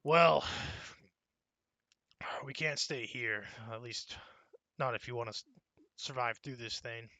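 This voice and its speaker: Bright-voiced male game master. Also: medium pitch, fairly even intonation, normal speed, no room sound. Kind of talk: tabletop game narration.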